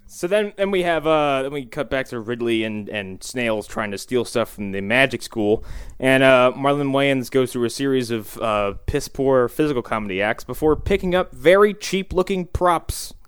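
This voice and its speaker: Wry podcast co-host, smooth, resonant voice, dry jokes. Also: male voice, medium pitch, normal speed, no room sound. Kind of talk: casual chat.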